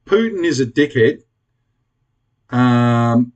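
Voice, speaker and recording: A man's voice: mid-range voice, animated, takes it slowly, a little mellow, lo-fi sound. An Australian man ranting bluntly to camera in a casual vlog, swearing freely and pleading with his viewers. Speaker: prepper vlogger.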